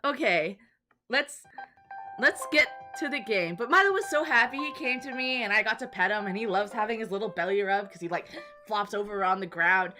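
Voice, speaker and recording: A woman's voice: medium pitch, brisk. A woman streamer chatting casually with her viewers, rambling and apologizing often. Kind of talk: casual live-stream chat. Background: soft background music.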